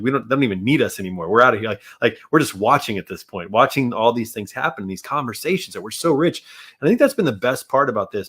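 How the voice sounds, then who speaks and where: A man's voice: medium pitch, fairly bright tone. A man hosting a podcast, chatting casually and joking with his guest. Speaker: podcast host. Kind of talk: casual interview chat.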